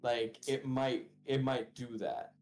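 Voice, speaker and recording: Male co-streamer, casual, thinks aloud, average pitch. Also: little pitch movement, slow, darkish tone, soft background music. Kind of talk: casual gaming chat.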